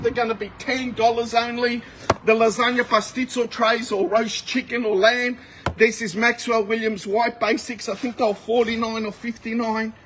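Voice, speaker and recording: A man with a very high voice hosts a live shopping stream from a warehouse yard. He chats to viewers and rattles off discounted prices. The phone recording is noisy with wind and outdoor ambience. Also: fairly bright tone. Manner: rapid price-calling, chatty with viewers. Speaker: livestream sale host.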